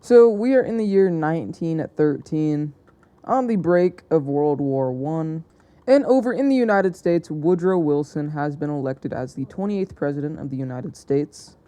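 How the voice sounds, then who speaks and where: Young male narrator, soft dark tone, chatty and unpolished, stumbling and fixing his words as he goes. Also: a little high, animated, normal speed, hardly any pauses, smooth. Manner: hesitant, self-correcting, chatty. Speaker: narrator of an alternate-history map video. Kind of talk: casual unscripted narration.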